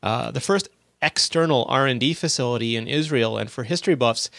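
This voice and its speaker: A man's voice: medium pitch, fairly quick, gravelly, fairly bright tone, dry recording. Chatty male podcast host, dry mic. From Canada. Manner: chatty, wry, self-correcting. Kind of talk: casual tech podcast chat.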